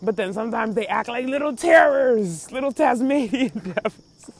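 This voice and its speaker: A woman hosting a podcast, giving casual commentary in a slangy, laughing, animated way. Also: on the high side, moderate pace. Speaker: podcast host.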